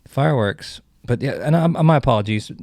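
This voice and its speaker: A man's voice: medium pitch, expressive, brisk, darkish tone, dry recording, clean studio sound. A man hosting a comedy podcast, rambling through jokes and cutting himself off mid-sentence. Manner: rambling, self-interrupting, joking. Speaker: podcast host.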